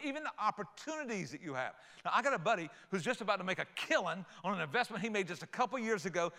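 An older man preaching a sermon, folksy and animated, telling playful stories. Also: very high-pitched. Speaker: pastor.

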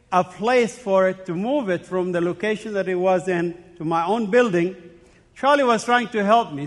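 A man with a high voice gives a personal testimony as a sermon, telling his story in short, emphatic, dramatic phrases. His voice rings with the long reverb of a large hall. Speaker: speaker giving a personal testimony.

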